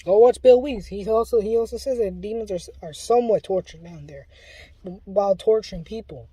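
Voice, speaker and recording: A man's voice: sits high, brisk, dark tone, breathy edge, no echo. A man delivering an impassioned spoken warning, pleading and urgent in a preachy way, often restarting his sentences. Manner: rambling with restarts. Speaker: self-described Luciferian giving a testimony.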